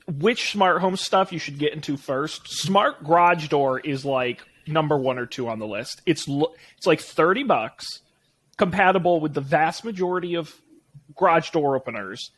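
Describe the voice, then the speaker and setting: A man co-hosting a casual tech podcast. He speaks a little higher than most men and recommends gear with easy confidence. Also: a bit bright. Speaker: podcast co-host.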